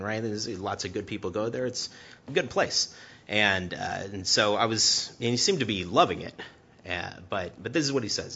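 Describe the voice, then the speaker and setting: A male preacher delivers a sermon in a lowish, hard-edged, forceful voice. He stumbles over and repeats his words, then builds to impassioned shouting. The recording sounds dull and lo-fi. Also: husky.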